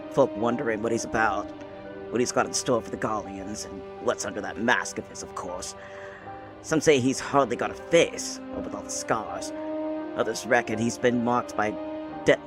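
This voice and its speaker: A man's voice: on the low side, close to an everyday voice. A man reading aloud the lines of a gossiping male townsman in a video game, in a casual read-aloud manner.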